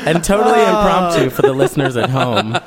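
A man's voice: medium pitch, lively intonation, fairly quick, low-quality recording. Playful man, crowd noise behind. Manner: mock-offended, playful. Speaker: podcast guest. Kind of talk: campy gossip chat.

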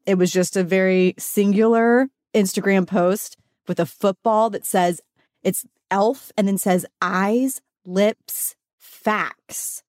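A woman's voice: mid-range voice, a little mellow, no room sound. A woman co-hosting a beauty podcast, chatting casually and easily moved to laughter. Her voice sits in a middle register, recorded dry and close with no room sound. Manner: chatty, gets emotional and laughs through tears. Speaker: podcast co-host. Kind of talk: casual chat.

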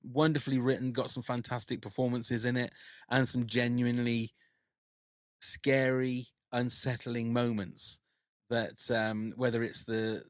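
A man's voice: medium pitch, level tone, a little slow, no room sound, clean studio sound. A man hosting a podcast in casual chat, talking enthusiastically with many fillers. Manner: enthusiastic, full of fillers and restarts. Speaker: podcast host.

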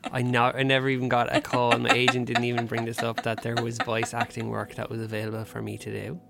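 A man's voice: mid-range voice, monotone, fast, gravelly, very noisy. A young man co-hosting a podcast, complaining jokily in a mock-indignant way during casual banter. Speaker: podcast co-host.

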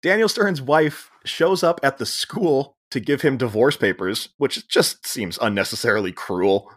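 A man's voice: medium pitch, unhurried. A young adult man co-hosting a podcast, retelling film scenes with jokey asides. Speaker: podcast co-host. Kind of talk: casual film recap chat.

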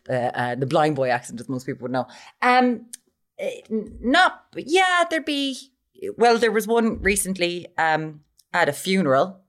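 A woman from Limerick with an Irish accent, co-hosting a casual chat podcast, animated and mocking. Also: on the low side, normal speed. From Limerick, Ireland. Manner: animated, mocking, mimics others. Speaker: podcast co-host.

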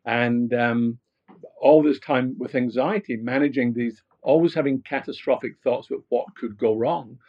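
A man's voice: medium pitch, moderate pace, muffled recording. A man from Glasgow with a Scottish accent, a guest telling his life story in a reflective way, with fillers and restarts. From Scotland, Glasgow. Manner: frequent fillers and restarts, rising animation in anecdotes. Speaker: guest, motivational speaker.

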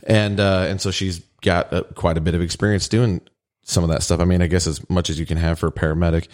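Low-voiced man telling a rambling story. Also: little pitch movement, quick pace, a little mellow. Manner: rambling, filler-heavy storytelling. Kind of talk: casual storytelling chat.

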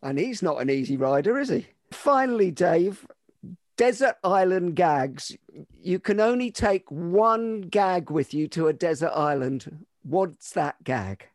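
A man hosting a podcast, firing off short, brisk interview questions. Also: sits high, lively intonation, dry recording, clean studio sound. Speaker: podcast host. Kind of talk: quick-fire interview questions.

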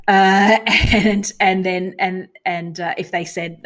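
Young Australian woman, somewhat low voice, guest on a podcast interview, lively storyteller who plays out the lines she quotes. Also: normal speed, few pauses. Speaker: guest, touring comedy performer.

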